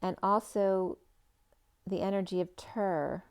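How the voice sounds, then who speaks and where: A woman giving a spiritual tarot reading in a rambling, free-associating way, with many fillers and phrases that trail off, sometimes drawing words out slowly. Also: mid-range voice, clean tone. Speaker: tarot reader.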